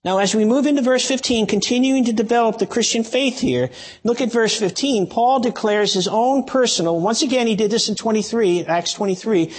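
Husky high-voiced male preacher. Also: brisk. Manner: expository preaching with frequent restarts and emphatic asides. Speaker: pastor. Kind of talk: sermon.

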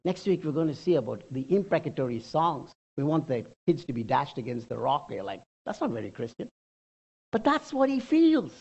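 In a dull-sounding recording, a pastor with a medium-pitched voice preaches with animation, speaking straight to the congregation, asking them questions, and going back over the same points again and again.

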